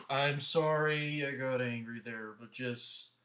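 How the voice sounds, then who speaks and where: A man's voice: medium pitch, fairly even intonation, slow pace, sharp tone. A man hosting a casual movie review vlog, talking earnestly in a rambling way with many restarts, into a headset mic.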